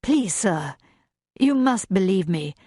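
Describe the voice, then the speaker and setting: A woman's voice: medium pitch, expressive, slow pace, mellow, slightly rough, dry recording, clean studio sound. A woman voicing a frightened, earnest young governess who pleads in a raised, distressed voice in an audiobook.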